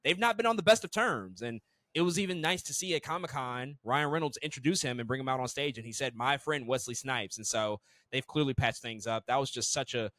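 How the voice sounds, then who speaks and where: A man co-hosting a casual movie review podcast, talking in an animated way, swearing freely and repeating words as he restarts sentences. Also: medium pitch, a little fast, no room sound. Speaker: podcast co-host.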